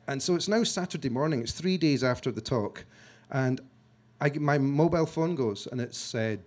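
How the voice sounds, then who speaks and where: A man from Scotland telling a story to an audience, self-mocking and halting, with frequent restarts, acting out what other people said. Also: medium pitch, expressive, darkish tone. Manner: halting restarts and repeated words. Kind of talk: storytelling talk.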